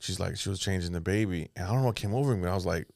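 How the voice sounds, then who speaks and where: A man on a comedy podcast telling a family story in rough, profane language, jumping between voices as he acts out relatives. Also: sits low, rapid-fire, a little mellow, dry recording, studio quality. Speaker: podcast host. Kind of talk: casual comedy podcast chat.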